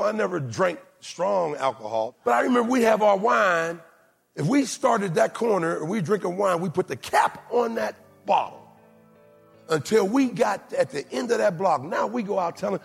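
A man preaching a sermon as pastor, moving between shouted lines and low, quiet asides. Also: creaky, breathy edge. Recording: long hall reverb.

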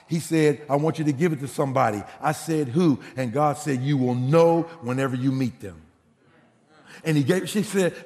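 A man preaching a sermon as a pastor, telling a story in an animated way and acting out the people he quotes. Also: on the high side, gravelly. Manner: animated, acts out quotes, laughs. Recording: long hall reverb.

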